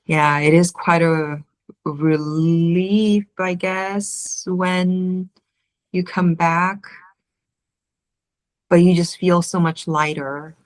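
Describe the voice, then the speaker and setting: A woman's voice: on the low side, flat delivery, drawn-out words. A woman in a casual spiritual group discussion, thoughtful and hesitant, on a video call.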